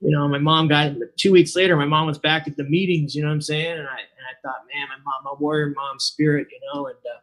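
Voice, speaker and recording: A man's voice: a little high, steady tone, fast, hardly any pauses, a bit bright. Rambling man telling a recovery story. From Southern California. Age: 40s. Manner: casual, rambling, many fillers and restarts. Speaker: recovery meeting speaker. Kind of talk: personal recovery talk. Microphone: online meeting.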